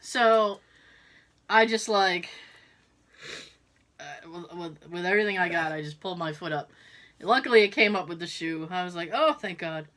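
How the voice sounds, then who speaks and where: A woman's voice: lowish voice, normal speed, pauses often, fairly bright tone. A young adult woman co-hosting a podcast, telling a story in casual chat and laughing often. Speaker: podcast co-host.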